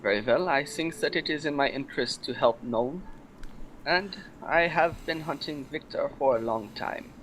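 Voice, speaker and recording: A man's voice: on the high side, moderate pace, fairly bright tone, a little hiss or hum, low-quality recording. A man playing a tabletop game, speaking politely and formally in character. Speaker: player.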